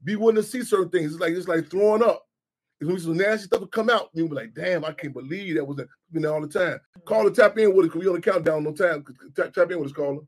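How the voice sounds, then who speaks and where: A man's voice: sits high, fast. A middle-aged man hosting a talk radio show, rambling and repeating himself, often asking "you know what I'm saying". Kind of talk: casual talk radio discussion.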